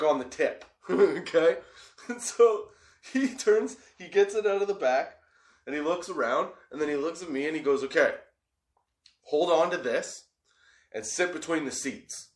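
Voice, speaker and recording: In an echoey room, a young man with a rather high voice hosts a comedy podcast. He tells a story animatedly, laughing often and swearing freely.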